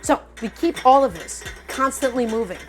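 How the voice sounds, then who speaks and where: A woman's voice: on the high side, animated, moderate pace. A woman streaming a live cooking demonstration, talking animatedly to viewers as her friends and repeating her points with emphasis. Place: home kitchen.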